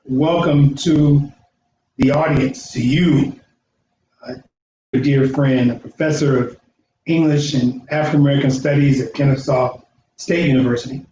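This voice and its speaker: A man's voice: mid-range voice, steady tone, a little slow, warm tone, reverberant, slight background noise, rough recording. A man hosting a show, introducing a guest conversationally with fillers. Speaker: host.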